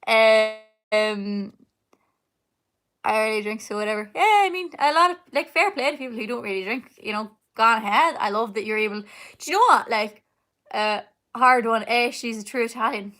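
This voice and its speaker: A woman's voice: fairly high pitch, expressive, normal speed, a bit bright. A young woman, chatting casually at home while answering comments on a live stream, rambling with lots of fillers and laughs. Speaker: singer hosting a live Q&A. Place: home, indoors.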